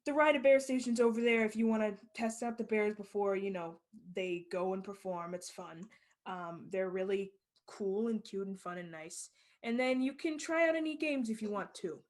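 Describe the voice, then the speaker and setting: A woman's voice: medium pitch, normal speed, close to an everyday voice. A woman voicing a friendly but nosy male human guard who hesitates and trails off. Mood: awkward.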